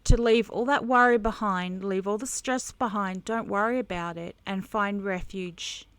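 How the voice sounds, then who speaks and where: A woman teaching a devotional Bible lesson on camera while she colors, earnest and halting, with many restarts. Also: mid-range voice, a bit bright, clean tone, no room sound. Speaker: conference speaker teaching Bible journaling.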